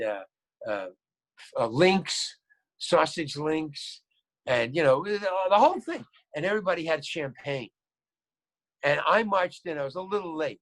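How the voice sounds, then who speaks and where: Man, storyteller, acts out quotes, repeats himself, slightly high voice. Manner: animated, acts out quoted lines, repeats words. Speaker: guest actor. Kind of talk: storytelling anecdote.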